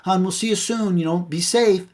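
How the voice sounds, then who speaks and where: A man mimicking his wife, a breezy adult woman, in a high chirpy falsetto while retelling a story. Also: normal speed, a little mellow, close to an everyday voice. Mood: puzzled.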